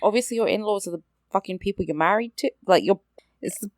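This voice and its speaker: A woman's voice: medium pitch, quick pace, dry recording, studio quality. A young woman co-hosting a podcast, recapping an episode with sarcastic, profane chat and many hesitant fillers. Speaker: podcast co-host.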